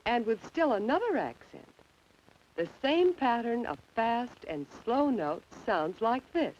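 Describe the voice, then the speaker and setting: A woman in scripted narration for children, gentle and coaxing, asking the listener questions over a 1950s film soundtrack. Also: fairly high pitch, very animated, unhurried, dull audio, slight background noise.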